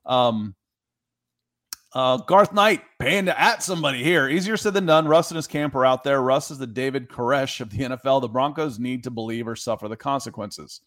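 A man's voice: medium pitch, moderate pace, fairly bright tone. A man hosting a casual sports talk show, chatting loosely and reading viewer comments aloud. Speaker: podcast host.

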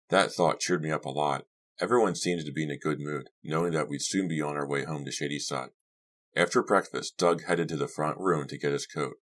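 A man with a very deep, low voice narrates an audiobook. His reading is steady and measured, scripted throughout.

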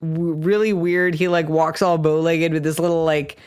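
A podcaster in casual film talk, halting with fillers, then warming up with enthusiasm. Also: mid-range voice, little pitch movement, clear, resonant tone. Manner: hesitant, filler-heavy, enthusiastic.

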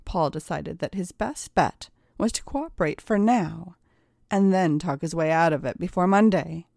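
A woman reading a scripted story narration in a measured storytelling manner. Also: on the low side, gravelly, darkish tone, no echo, studio quality.

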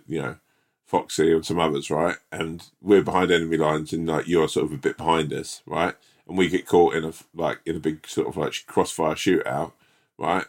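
A man with a very low voice chats on a podcast. He rambles, restarts and swears as he riffs, laughing at his own jokes. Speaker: podcast co-host. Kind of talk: casual chat.

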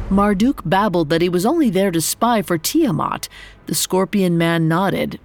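A woman narrating a mythological story in a calm, measured scripted style. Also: lowish voice, slight background noise.

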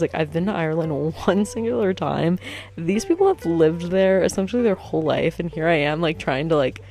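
A young woman with a notably low voice, rambling through a story with lots of fillers and wry jabs at herself. Faint music plays behind her. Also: a little mellow. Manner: chatty, filler-heavy, self-mocking. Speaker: vlogger. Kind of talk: casual storytelling monologue.

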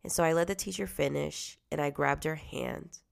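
Low, gravelly-voiced mother telling her story. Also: moderate pace. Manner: conversational, often drops to a hushed tone, grows animated when indignant. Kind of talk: personal storytelling.

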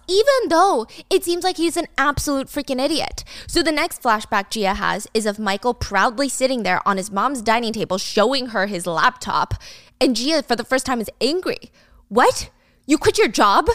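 A woman's voice: a little high, normal speed, a bit bright, no room sound. A woman recapping a drama in casual commentary, chatty and wry, with lots of "like", on a close mic. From Korea.

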